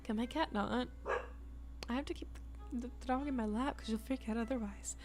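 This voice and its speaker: A woman's voice: a little high, darkish tone, soft background music. A woman streamer reading a game's story text aloud and breaking off for casual asides. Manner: plain reading voice, quick chatty asides to chat.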